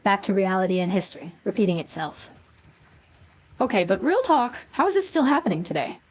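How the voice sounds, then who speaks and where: A woman's voice: mid-range voice, animated, a little fast, slightly rough, rough recording. A woman co-hosting a scripted podcast, giving sassy, dramatic reactions. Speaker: co-host.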